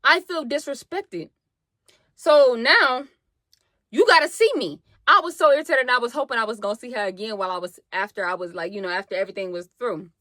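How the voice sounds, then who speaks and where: A young woman telling a story on her vlog, animated and slangy with plenty of swearing, acting out what people said. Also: a little high, a little fast, no room sound. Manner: animated, slangy and profane, acts out quotes. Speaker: vlogger.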